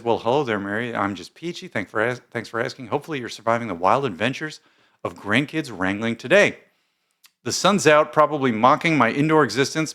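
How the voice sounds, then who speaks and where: A man's voice: medium pitch, fairly bright tone. A man hosting casual commentary, reading posts aloud with bemused, rambling asides and many fillers. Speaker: commentary host.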